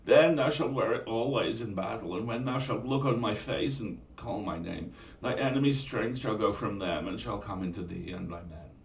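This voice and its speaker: A man's voice: lowish voice, normal speed, gravelly, few pauses, roomy sound, distant mic, a little hiss or hum. A man voicing a haughty young mermaid princess with a put-on Valley Girl accent, drawling and exasperated. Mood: commanding.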